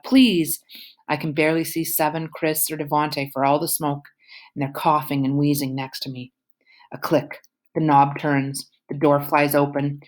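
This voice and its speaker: A woman reads a novel aloud in a low voice. Now and then she drops into quiet whispered asides. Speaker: audiobook reader.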